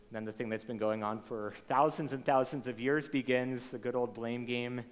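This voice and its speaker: A man preaching a sermon in a mid-pitched voice, speaking to his congregation in a conversational way. He asks the audience rhetorical questions as he goes. His voice carries a long reverb from the large hall around him. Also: steady tone, normal speed, a little hiss or hum. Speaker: pastor. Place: church hall with a live congregation.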